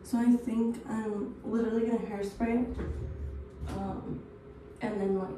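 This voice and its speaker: A woman's voice: mid-range voice, flat delivery, a little slow, dark tone, soft background music. A young woman in her early twenties, rambling bluntly with swearing as she chats while getting ready at home. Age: early 20s. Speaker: vlogger. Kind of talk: get-ready-with-me chat. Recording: echoey room, distant mic.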